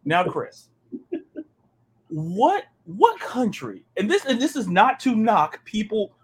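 A man from the American South, co-hosting a casual sports podcast. His voice sits high and swings widely in pitch as he rants. He stumbles and repeats words when he gets worked up. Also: slow pace, husky. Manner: animated, ranting, repeats words when excited. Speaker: podcast co-host.

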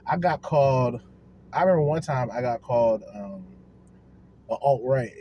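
A man's voice: medium pitch, expressive, moderate pace, dull audio, a little hiss or hum. A young man hosting a casual podcast chat, brash and joking, laughing often and mimicking other voices. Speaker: podcast host.

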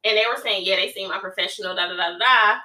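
Woman ranting about a story, cussing a lot, bright sharp voice, echoey and kinda far from the mic. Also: medium pitch, fast. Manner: profane, animated retelling with loud outbursts. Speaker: podcast co-host. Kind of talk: casual chat, storytelling.

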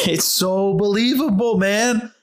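A man's voice: high-pitched, takes it slowly. An actor playing a cocky, laid-back male coworker with a Nepalese accent at a sketch table read. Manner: cocky, easygoing, ends lines with man. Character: laid-back male coworker, boastful, says man constantly.

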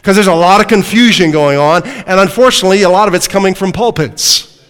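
A man's voice: high-pitched, fairly quick, fairly bright tone, in a large hall. A man preaching a sermon to a congregation, emphatic and throwing rhetorical questions at his listeners.

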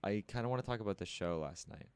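A man's voice: on the low side, lively intonation, fast talker, darkish tone, clear, resonant tone, dry recording. A man hosting a podcast in casual conversation, with a musing, speculative way of talking. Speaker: podcast host.

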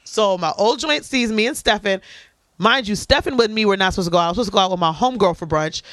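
A woman at mid pitch tells a long, profane story, voicing each person in it with lively flair. Her voice sits dry and close on a studio mic, the easy back-and-forth of a podcast. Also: quick pace, no echo. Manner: animated, profane storyteller acting out dialogue. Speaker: podcast co-host. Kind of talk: casual storytelling chat.

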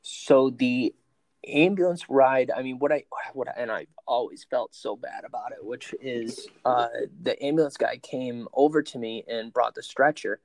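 Man recounting a crash, halting. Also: mid-range voice, dry recording. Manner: halting, many fillers and restarts. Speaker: interview guest. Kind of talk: personal storytelling interview.

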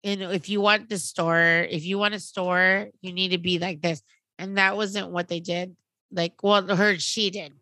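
A woman in her thirties, podcast co-host, chatting casually and telling an animated story, acting out what others said. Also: lowish voice, measured pace, no echo. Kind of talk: casual chat.

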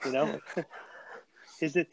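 A man's voice: a little high, fairly even intonation, slow pace, vocal fry, slightly rough. A man in casual podcast chat, easygoing and laughing often. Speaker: podcast co-host. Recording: dull lo-fi mic with faint noise.

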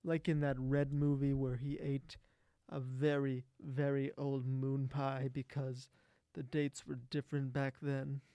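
A man doing a very slow, deadpan actor. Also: mid-range voice, clean tone, dry recording, close to an everyday voice. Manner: very slow, deliberate, not taking it seriously. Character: slow, deliberate, offhand male film actor.

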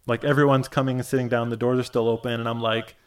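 A man's voice: medium pitch, little pitch movement, fast talker, smooth. A man telling a long personal story in casual chat, rambling with lots of fillers and acting out quoted voices.

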